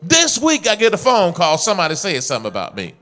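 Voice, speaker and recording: A middle-aged man preaching a sermon as pastor, fervent and rhythmic, swinging between soft confiding passages and shouted climaxes. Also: high-pitched, huge pitch swings, quick pace. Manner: preaching in a fervent call-and-response style, rising to shouts.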